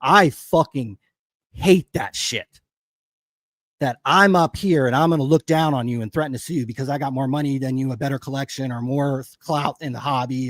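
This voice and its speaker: Angry sweary guy ranting on his livestream, dry sound, regular pitch. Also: normal speed, no echo. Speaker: livestream host. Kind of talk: heated casual commentary.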